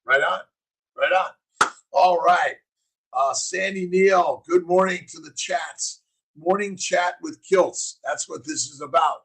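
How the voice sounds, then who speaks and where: A middle-aged physician hosting a casual morning livestream, preaching in punchy slogans and answering chat comments. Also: male voice, sits high, slow pace, creaky, fairly bright tone, slightly rough, poor audio.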